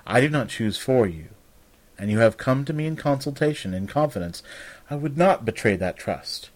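A man's voice: medium pitch, lively intonation, pitched above the performer's own voice, lightly acted. A man doing a solemn old scholar mage. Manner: measured, solemn, polite. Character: old, formal, courteous male scholar mage.

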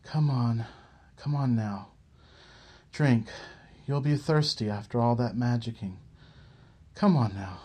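Streetwise woman, read by a male narrator: blunt, coaxing, unhurried storybook voice. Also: medium pitch, warm tone, slightly rough. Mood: soothing. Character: tough streetwise woman, blunt but caring.

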